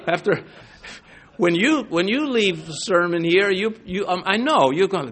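Animated, self-deprecating male pastor preaching. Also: high voice, a little slow. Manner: conversational, self-deprecating, frequent restarts. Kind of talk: sermon. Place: church.

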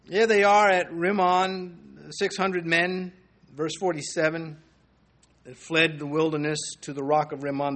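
A middle-aged man gives a relaxed, verse-by-verse Bible lesson, his voice sitting a little high for a man. He reads scripture steadily and then slips into easygoing commentary, full of fillers and restarts. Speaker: Bible teacher.

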